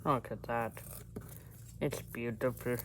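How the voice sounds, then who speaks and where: A man's voice: medium pitch, steady tone, takes it slowly, fairly bright tone, a little hiss or hum. Man vlogger, loose and rambling, self-correcting, camera mic outdoors by a fire, faint ambience. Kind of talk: casual hands-on how-to vlog.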